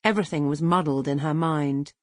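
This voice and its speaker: A woman reading a dramatic novel aloud as an audiobook narrator, measured and expressive, close to the mic. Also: sits low, no echo. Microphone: close studio mic.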